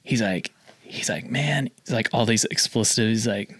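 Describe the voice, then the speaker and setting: A man telling a story in casual chat, acting out the calls with sudden jumps in pitch. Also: steady tone, moderate pace, fairly bright tone, dry recording. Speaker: guest telling a sales story.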